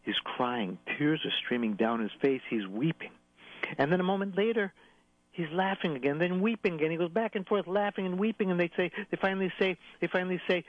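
A man telling folk tales in a playful, lively way, adding sound effects. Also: high-pitched, a little fast, no room sound. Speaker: storyteller. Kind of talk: oral folk storytelling. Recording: tinny phone line.

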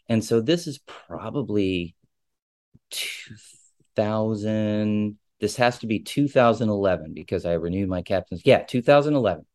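A ship captain telling a personal story in a casual, digressive and openly emotional way. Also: male voice, on the low side, animated, normal speed, darkish tone, no room sound, studio quality.

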